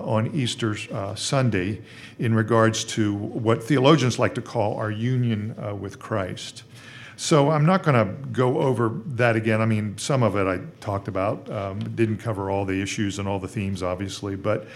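A man's voice: on the low side, a little hiss or hum. A man preaching an expository sermon as pastor, conversational, with frequent fillers and rising emphasis on key points.

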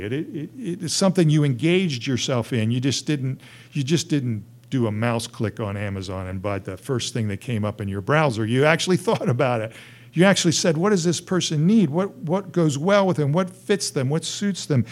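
A man delivers a sermon in an earnest pastoral voice at a middling pitch. He swings between rising, emphatic peaks and quiet, hushed asides. His phrasing is conversational and full of restarts.

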